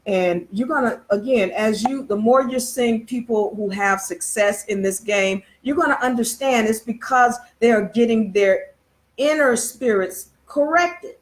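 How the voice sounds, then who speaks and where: A woman's voice: fairly high pitch, a little slow. A woman hosting a casual live-stream talk, telling a parable at a meandering pace with many fillers, restarts and rhetorical questions.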